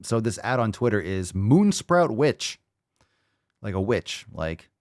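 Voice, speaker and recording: A man's voice: mid-range voice, expressive, takes it slowly, a little mellow, dry recording, clean studio sound. A man hosting a podcast, ranting in blunt, mocking, profane commentary. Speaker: podcast host.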